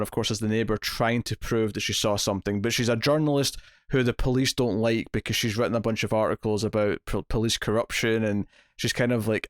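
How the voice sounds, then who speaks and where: A man's voice: medium pitch, smooth, no echo, clean studio sound. A man hosting a casual movie review podcast, rambling and correcting himself as he talks, often breaking into a laugh. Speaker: podcast host.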